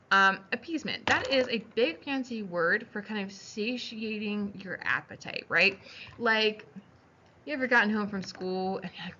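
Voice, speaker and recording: A woman giving a casual history lecture, chatty and animated, slipping into quick voices for historical figures. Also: mid-range voice, lo-fi sound, slight background noise. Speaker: history teacher.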